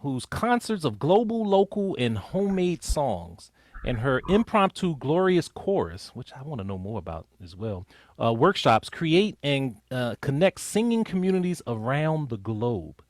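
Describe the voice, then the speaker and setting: A man hosting an online community sing, introducing a guest with playful, lively asides and small stumbles over a video call. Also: mid-range voice, measured pace, dry recording, studio quality. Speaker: host.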